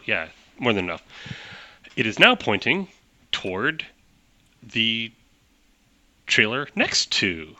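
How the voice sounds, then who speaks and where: A man narrating as game master of a tabletop game, talking in animated quick bursts with restarts. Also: lowish voice.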